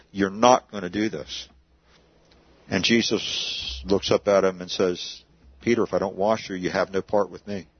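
A pastor preaches in an easygoing, conversational way, posing questions and answering them himself. His voice is husky, and the recording sounds dry and somewhat dull. He speaks at a middling pitch. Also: no echo. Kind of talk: sermon.

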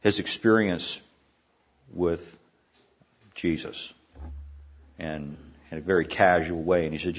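A deep-voiced man delivers a sermon in a husky tone. He speaks conversationally, posing questions and circling back on his phrases. The church recording sounds dull and lo-fi. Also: fairly even intonation, slow, long pauses. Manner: conversational preaching with rhetorical questions and restarts. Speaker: pastor.

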